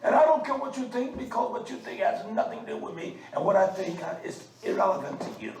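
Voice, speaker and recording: A man's voice: sits high, big pitch swings, quick pace, darkish tone. A man giving a fiery religious sermon, emphatic and scolding, with frequent uh fillers. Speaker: religious teacher. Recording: echoey room, mic at a distance, faint background noise.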